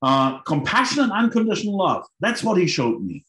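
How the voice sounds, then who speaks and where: A middle-aged man telling his own story to an audience in an animated way, acting out his past thoughts. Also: high-pitched, fairly quick. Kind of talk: personal storytelling talk to an audience. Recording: roomy hall sound.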